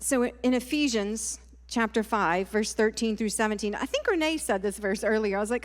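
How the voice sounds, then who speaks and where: A woman, giving a personal testimony sermon at a conference in a lively storytelling way. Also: a little high, quick pace, hardly any pauses. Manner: lively storytelling, many "like" and "y'all". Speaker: conference speaker. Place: large church hall. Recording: hall with long reverb.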